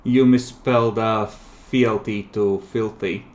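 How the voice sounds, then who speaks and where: A man running an online tabletop game as game master, joking and relaxed, swearing casually, heard over noisy voice chat. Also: fairly low pitch, takes it slowly.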